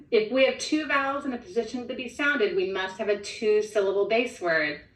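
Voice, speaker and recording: A woman's voice: medium pitch, a bit bright, distant mic. Woman explaining phonics step by step. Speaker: literacy trainer. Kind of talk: modeling a phonics lesson. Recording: echoey room from off-mic.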